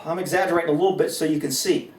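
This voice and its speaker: A man's voice: on the high side, fairly even intonation, racing, echoey room, distant mic. A man with an American accent gives a casual, rambling firearms lesson indoors, with folksy asides and laughs. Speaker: firearms instructor. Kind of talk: casual instructional talk. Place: indoors, shooting range building.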